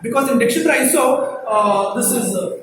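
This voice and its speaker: A man with a strikingly high voice and a Telugu English accent lectures a class, repeating and drilling sounds with emphasis. He is recorded from a distance in a very echoey room, with faint noise underneath. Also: a little fast, fairly bright tone. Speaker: English teacher trainer.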